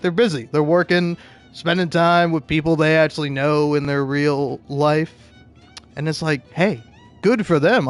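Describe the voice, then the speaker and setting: A young man giving casual gameplay commentary, rambling and swearing, often laughing as he rants. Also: a little high. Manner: rambling, profane ranting with frequent laughter. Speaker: video game streamer.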